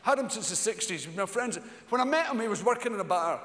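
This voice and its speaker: High-voiced Glaswegian comedian swearing on stage. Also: male voice, quick pace. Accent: Glaswegian Scottish. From Scotland. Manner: profane, animated, puts on voices of friends. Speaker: stand-up comedian. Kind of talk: stand-up storytelling. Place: large theatre on stage. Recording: echoey live theatre recording. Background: audience laughter.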